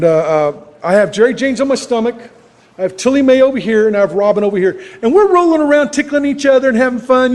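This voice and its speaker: A man's voice: sits high, a little mellow, big-room sound. An older man telling his personal story to a recovery meeting, plainspoken and rambling, with lots of fillers. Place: club meeting hall.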